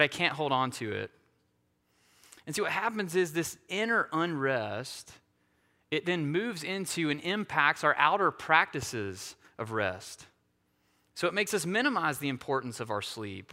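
Here a male pastor delivers a conversational sermon, checking in with his listeners often and asking "right?" again and again. His voice sits a little high with a sharp tone, and he is self-deprecating. Hall reverb colors the recording.

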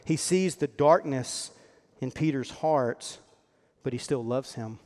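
A man's voice: mid-range voice, slow pace, a little mellow. Earnest male preacher in a reverberant hall. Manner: earnest, conversational preaching that acts out quoted lines. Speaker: pastor. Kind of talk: sermon.

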